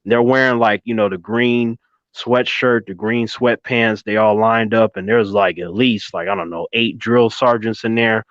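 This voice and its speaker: Brief: man in his thirties, cusses, spins a lively story, dull dry lo-fi sound. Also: fairly low pitch, normal speed, dry recording. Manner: animated, swearing, keeps addressing his co-host by name. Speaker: podcast co-host. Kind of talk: casual storytelling chat.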